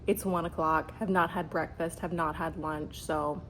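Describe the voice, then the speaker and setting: Young woman, 20s, chatty lifestyle vlogger, slightly low voice, roomy gym echo. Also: steady tone, normal speed, fairly bright tone, slight background noise. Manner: chatty, bubbly, lots of "like" and "um". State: out of breath. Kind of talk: casual vlog chat.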